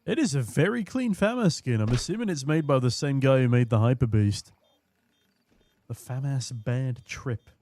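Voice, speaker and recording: A hoarse young man casting an esports match from a booth, with quick, joking play-by-play. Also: medium pitch, lively intonation, darkish tone. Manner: quick, jokey, punning play-by-play. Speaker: esports caster. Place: casting booth at a live event.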